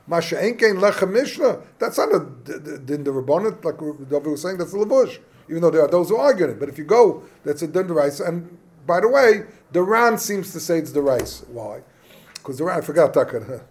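A man leading a Talmud study class, explaining the text animatedly and thinking aloud with quick restarts. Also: sits high, animated, darkish tone. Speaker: Talmud teacher.

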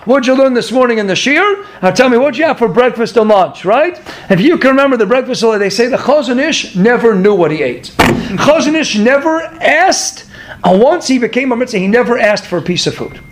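A man's voice: very high-pitched, expressive, fairly quick, a little hiss or hum. A man teaching a Torah class, telling stories, asking his listeners rhetorical questions and chuckling through his digressions. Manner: asks the audience rhetorical questions.

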